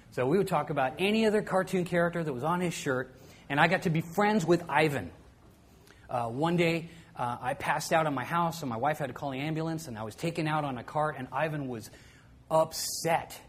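A middle-aged man tells a personal story to an audience conversationally, often dropping to a quiet voice and chuckling now and then. His voice sits on the high side, brisk and slightly rough.

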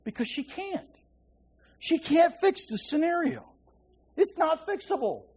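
Very high and sing-song, a man's voice carries a conversational Bible teaching at a moderate pace. He checks in with the audience often and quiets to a hushed tone to underline points.

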